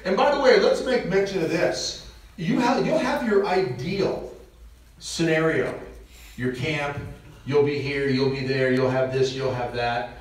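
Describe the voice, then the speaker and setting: Heard from far off in an echoey, large church, a middle-aged man from Nebraska chats casually with his congregation. His voice runs high and a little slow, and he jokes around, chuckling and wandering into frequent asides.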